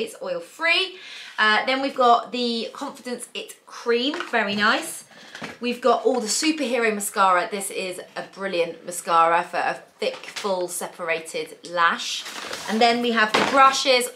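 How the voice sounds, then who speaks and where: A woman's voice: mid-range voice, animated, unhurried, background noise. A British woman in her thirties, chatting playfully as she unboxes beauty products. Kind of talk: casual chat.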